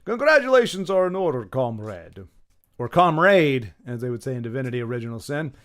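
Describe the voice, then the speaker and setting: A man's voice: mid-range voice, big pitch swings, fast, fairly bright tone. A man putting on a joking Russian accent to play a boastful male army commander rallying his troops. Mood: rousing. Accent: put-on Russian.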